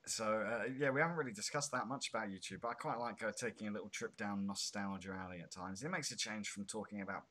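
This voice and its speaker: Host, lowish bright voice, easygoing and rambling. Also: male voice, fast talker, few pauses. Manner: rambling, tangent-prone, chuckling asides. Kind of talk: casual chat. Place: home in Spain.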